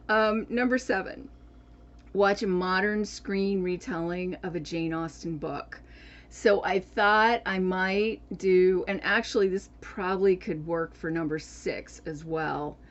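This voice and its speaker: Woman vlogger, unhurried and rambling, slightly low voice, muffled lo-fi audio. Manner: chatty, rambling with many fillers and restarts. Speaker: book and journaling vlogger. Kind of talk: casual chat.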